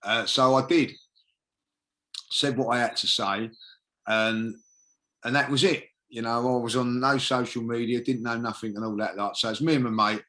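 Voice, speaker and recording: A man's voice: medium pitch, fairly even intonation, moderate pace, sharp tone. A man, a podcast guest telling a long anecdote in a casual, rambling way, full of fillers like "you know what I mean". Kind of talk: casual storytelling.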